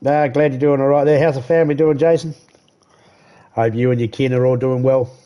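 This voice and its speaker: A man's voice: medium pitch, fairly even intonation, brisk, mellow, muffled recording. A man with an Australian accent chatting casually on a live game stream, greeting viewers by name and cracking crude jokes. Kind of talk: casual live-stream chat over gameplay.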